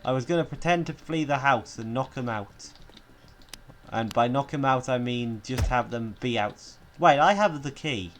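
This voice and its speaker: A man's voice: medium pitch, moderate pace, slight background noise. A young man giving playful gameplay commentary, mock-menacing and swearing often. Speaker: gaming YouTuber.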